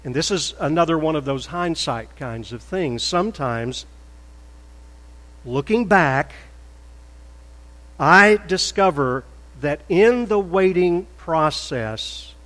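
A man preaching in a slow, unhurried cadence, his slightly high voice carrying through a reverberant sanctuary. He builds from quiet reasoning to forceful emphasis on key points. A faint electrical hum sits under the recording. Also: lively intonation. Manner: measured preaching that builds to loud emphatic peaks. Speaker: pastor. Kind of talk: sermon. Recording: echoey hall with faint mains hum.

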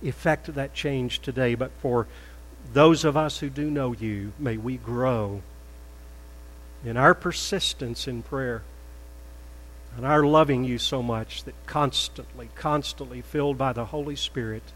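An older man preaching a sermon in a church, stressing words loudly, then dropping to a soft prayerful tone. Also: medium pitch, a little slow, long reverb tail, rough recording. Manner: emphatic, swings between loud stresses and soft prayer. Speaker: pastor. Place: church sanctuary.

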